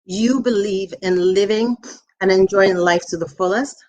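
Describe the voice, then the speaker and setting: A woman's voice: mid-range voice, unhurried, darkish tone. A woman in her forties giving an earnest, emotional tribute speech to her mother at a book launch. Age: 40s. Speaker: author's daughter, speaker.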